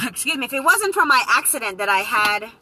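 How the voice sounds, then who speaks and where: A woman casually telling a personal story to her viewers, animated and profane, speaking into a phone. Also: fairly high pitch, brisk, no echo, low-quality recording. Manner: animated, profane, slips into loud quoted voices. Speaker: vlogger reading live comments.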